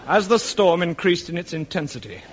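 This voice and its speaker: A man narrating a comic radio sketch in a melodramatic storyteller's manner, with deadpan asides. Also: sits high, brisk. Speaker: comedy performer. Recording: lo-fi old radio recording, heavy hiss.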